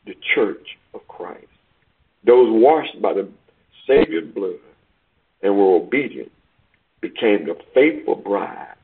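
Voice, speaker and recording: Gravelly preacher on a tinny line. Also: male voice, on the low side. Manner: reads scripture aloud, then explains it with emphatic swells and hushed asides. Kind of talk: sermon.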